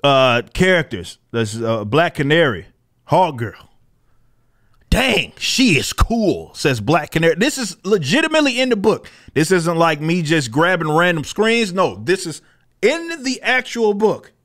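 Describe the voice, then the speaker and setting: A man's voice: on the high side, sing-song, normal speed, fairly bright tone. A man giving casual video commentary on comic books, blunt, profane and incredulous.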